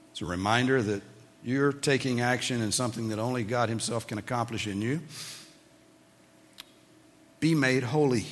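Preaching to his congregation, a pastor teaches and rises to forceful, animated questions aimed at his listeners. The recording has a big-room sound, and his voice is of medium pitch.

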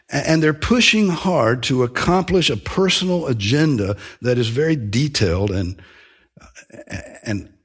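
Male preacher delivering a sermon, slightly husky, earnest, leans hard on key phrases. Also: medium pitch. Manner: earnest, emphatic, with slow stressed phrases and small restarts.

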